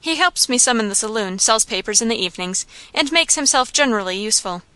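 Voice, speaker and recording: A woman voicing a rough, insolent male saloon keeper who talks in a coarse, sly, slangy way. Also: on the high side, expressive, fast, sharp tone, no echo.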